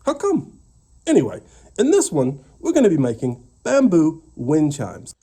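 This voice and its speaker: A man's voice: a little high, huge pitch swings, moderate pace, mellow, breathy edge. A man with a mixed English accent chatting casually and muttering to himself while he builds something by hand. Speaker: DIY maker. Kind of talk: casual workshop narration.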